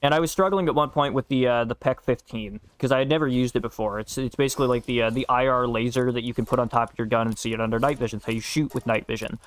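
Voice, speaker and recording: Man, game streamer, casual chat, blunt and foul-mouthed, mid-pitched voice. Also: steady tone, quick pace, few pauses, no echo. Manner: blunt, profane storytelling. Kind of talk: casual chat while gaming.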